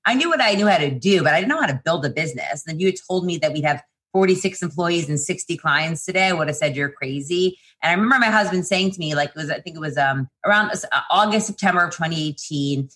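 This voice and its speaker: A woman who founded a PR agency, talking casually and quickly in an interview, with lots of fillers and restarts. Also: low voice, expressive, a bit bright.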